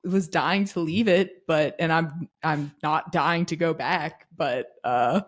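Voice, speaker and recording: A woman's voice: low voice, slow pace. Chatty woman full of "like" fillers. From Austin, Texas. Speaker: podcast co-host. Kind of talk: casual chat.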